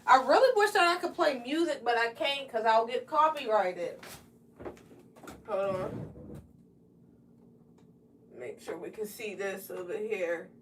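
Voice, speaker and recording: High-voiced woman chatting on a livestream. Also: unhurried, long pauses, a little hiss or hum. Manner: chatty, greets viewers by name, eats candy while talking. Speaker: braiding livestream host. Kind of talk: casual livestream chat.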